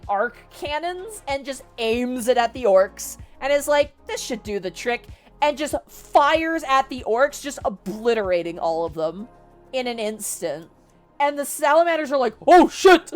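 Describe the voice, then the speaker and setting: A woman streamer casually retelling a story, chatty and animated, with frequent fillers and the odd swear. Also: on the high side. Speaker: vtuber streamer.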